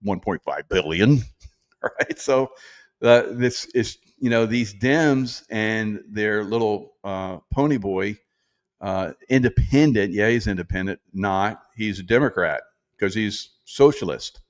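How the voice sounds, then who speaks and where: A man's voice: fairly low pitch, slow. A man in his sixties from South Carolina, hosting a casual livestream, rambling through political commentary with frequent laughs and mocking impressions while reading viewer comments. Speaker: livestream host.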